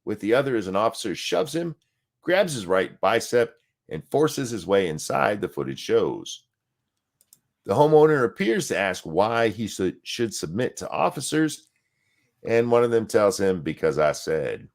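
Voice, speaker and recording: Lower-voiced male podcast co-host with a lively pitch, reads an article aloud and adds snarky side comments. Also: normal speed. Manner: reads aloud with sarcastic asides and profanity. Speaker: podcast co-host reading news.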